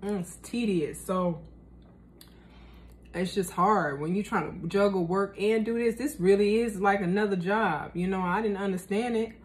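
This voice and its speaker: A woman's voice: medium pitch, normal speed. A young woman chatting casually in a cooking vlog, slangy and talkative, tasting her food as she talks. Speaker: vlogger.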